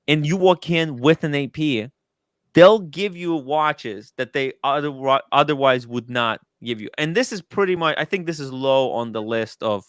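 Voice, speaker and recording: A man hosting a casual watch livestream, talking in an excitable, animated way with quick asides to the chat. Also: on the high side, clear, resonant tone, no room sound, studio quality. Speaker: livestream host. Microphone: studio microphone.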